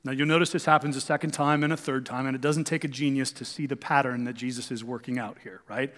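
A man's voice: mid-range voice, fairly even intonation, fast, a bit bright, big-room sound. A male pastor preaching a sermon in a church, talking conversationally with rhetorical questions and emphatic swings.

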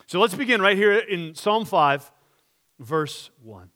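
A man's voice: sits high, animated, slow pace, pushed and bright. A man pastor preaching a sermon, earnest and direct, asking the congregation rhetorical questions and reading scripture aloud.

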